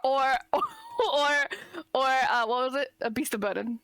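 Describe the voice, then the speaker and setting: Giggly high-voiced woman player. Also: fairly even intonation, brisk, a crowd in the background, low-quality recording. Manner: giggly, playful. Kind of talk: casual tabletop play.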